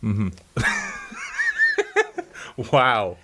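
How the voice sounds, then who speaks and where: A man with a fairly low voice hosting a casual podcast interview. He teases his guest, laughs often, and stammers through restarts as he builds a point. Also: drawn-out words, background noise.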